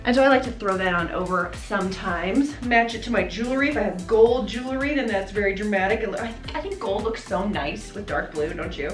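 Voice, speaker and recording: Speaking a little fast and hardly pausing, a woman in her thirties uses a mid-range voice to chat about clothes, bubbly and laughing often. She's a fashion vlogger in a casual try-on haul. The room echoes, and faint background music can be heard.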